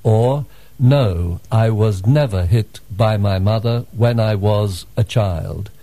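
A man's voice: fairly low pitch, dark tone. A man answering a teacher's questions in full textbook sentences during a language drill. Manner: slow, careful, textbook answering.

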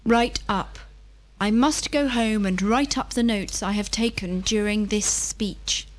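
A woman reading a vocabulary list for learners with clear, careful enunciation. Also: medium pitch, takes it slowly, low-quality recording. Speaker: vocabulary reader.

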